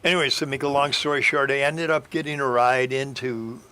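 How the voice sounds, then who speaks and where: A middle-aged man spins a long, wandering story for a radio interview. His voice is bright and pressing, and he stops often to hunt for words with "uh" and restarts. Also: medium pitch, steady tone, fairly quick, clear, resonant tone. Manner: meandering, hesitant, frequent fillers and restarts. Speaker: radio guest telling a life story. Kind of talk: rambling storytelling.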